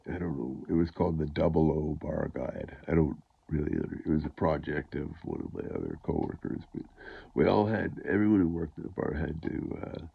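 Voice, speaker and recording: A man vlogging his recovery story in a halting, rambling way, full of fillers and restarts, and a bit stuffed up. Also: very deep voice, vocal fry, husky. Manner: chuckles to himself. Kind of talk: casual rambling monologue. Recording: dull lo-fi recording.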